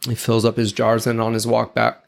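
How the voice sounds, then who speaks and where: A man's voice: mid-range voice, completely flat delivery, brisk, vocal fry. A man giving an earnest, confessional, sermon-style talk, reflective and personal. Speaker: speaker giving a devotional talk.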